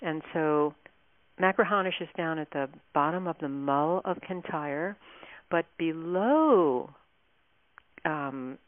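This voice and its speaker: A woman with a low voice talks as a guest on a radio show, rambling warmly from one story to the next. The sound is dry, squeezed through a narrow phone line. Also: animated, slow pace, no room sound. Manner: chatty, meandering storytelling. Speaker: author and guest. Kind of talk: casual radio interview.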